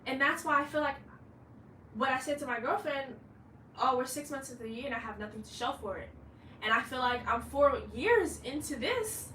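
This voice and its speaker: Late-20s woman rambling frankly in her sewing room, cussing a lot, kinda high voice, echoey. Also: pushed and bright, distant mic, slight background noise. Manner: frank, rambling, swears freely. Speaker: fashion designer. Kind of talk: candid vlog monologue.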